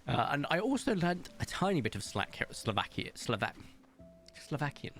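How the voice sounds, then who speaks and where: A man streaming a game, chatting casually, reading viewers' messages aloud and telling stories, with big playful jumps in pitch. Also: big pitch swings, moderate pace, a bit bright, faint music behind. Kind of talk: casual chat while gaming, reading chat aloud.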